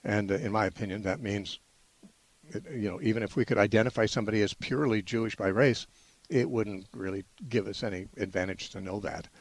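A man hosting a call-in radio Bible show, explaining in a measured way with frequent "uh" restarts. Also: fairly low pitch. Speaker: radio Bible-answer host.

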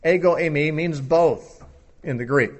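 A man's voice: a little high, measured pace. A man explaining a Bible passage in an unscripted teaching talk, thinking aloud with occasional fillers.

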